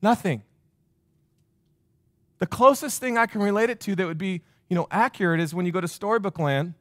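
A man's voice: sits high, a little fast, a bit bright, no room sound, clean studio sound. A man preaching a sermon to his church, talking casually and telling stories straight to the congregation. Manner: conversational, storytelling, addresses congregation directly. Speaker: pastor.

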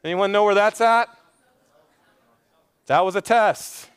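A man preaching to his congregation from a church stage, earnest and conversational, tossing in quick asides and repeating his key phrases. His voice sits high for a man and comes through smooth and resonant. The sound is dry and close. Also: dry recording. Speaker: pastor. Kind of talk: sermon.

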